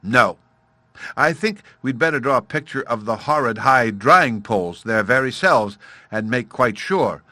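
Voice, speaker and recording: A man's voice: mid-range voice, expressive, measured pace, pushed and bright, no echo. A man voicing a thoughtful, playful caveman father who patiently explains things in a storybook reading.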